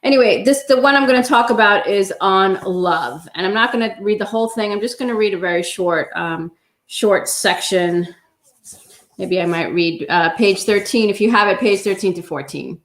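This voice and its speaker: A woman hosting a self-love affirmation session, talking gently and unhurriedly with many pauses and ums. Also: mid-range voice. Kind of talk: guided affirmations and meditation talk. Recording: roomy echo.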